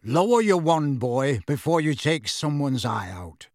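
A man voices a battle-worn old wizard who growls every word low and gruff. He barks short, clipped commands, always suspicious. It is a dry, close storybook reading. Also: big pitch swings, unhurried, darkish tone, dry recording. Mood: commanding. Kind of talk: audiobook reading.

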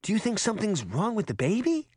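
A man's voice: high-pitched, huge pitch swings, quick pace, a little mellow, slightly rough, no echo, studio quality, pitched above the performer's own voice, exaggerated voice. A man voicing a worried young girl who keeps asking anxious questions, in a storybook reading. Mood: alarmed. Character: young girl, elder sister, anxious and sharp.

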